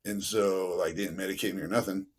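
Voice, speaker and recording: A man's voice: deep voice, steady tone, fast talker, husky. A man telling a story as a podcast guest in a loose, rambling way, full of fillers. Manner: acts out other people's voices in his stories. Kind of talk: casual storytelling.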